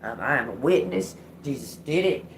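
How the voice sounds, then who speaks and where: A woman's voice: very deep voice, lively intonation, normal speed, a little hiss or hum. A middle-aged woman, telling a blunt, profane story to her livestream audience. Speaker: livestream host. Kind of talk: casual storytelling monologue.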